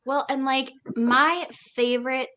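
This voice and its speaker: A woman co-hosting a podcast in casual chat, enthusiastic and quick to laugh. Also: high-pitched. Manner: animated, enthusiastic, laughs easily. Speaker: podcast co-host.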